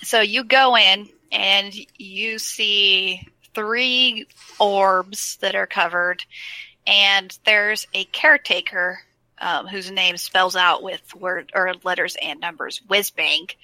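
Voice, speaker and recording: Bright-voiced woman recapping a game quest. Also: mid-range voice, fairly even intonation, takes it slowly, dry recording, low-quality recording. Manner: enthusiastic storytelling, recaps quests. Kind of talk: casual game chat.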